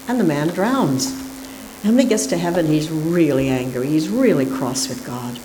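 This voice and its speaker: A woman with a low voice delivers a sermon from the pulpit. She tells her stories lively and acts out the characters in a joke. A faint hiss runs under the recording. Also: normal speed, rough recording. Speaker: preacher.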